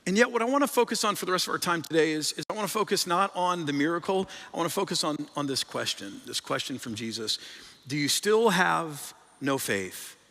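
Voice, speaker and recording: A man's voice: lively intonation, quick pace, few pauses, bright, forceful tone. A man preaching a sermon as pastor, conversational and often restarting words, his voice climbing and swelling for emphasis. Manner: conversational, rises in pitch and volume for emphasis, repeats words. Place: church sanctuary. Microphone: stage microphone. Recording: long reverb of a large hall.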